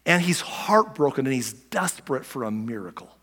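A man preaching a sermon as a pastor, talking conversationally and dropping from loud to near-whispered. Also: mid-range voice, sing-song, normal speed, breathy edge, in a large hall.

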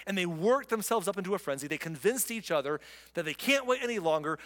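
A pastor preaching a sermon, reading scripture and adding conversational, joking asides. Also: male voice, sits high, animated, fast talker, a bit bright, big-room sound.

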